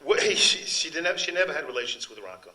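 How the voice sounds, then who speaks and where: A man's voice: fairly high pitch, sing-song, fast, bright, forceful tone, echoey room, rough recording. An older man, a translator giving a book talk, speaking in a chatty, digressive way about the text. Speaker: author and translator presenting his book. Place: event hall.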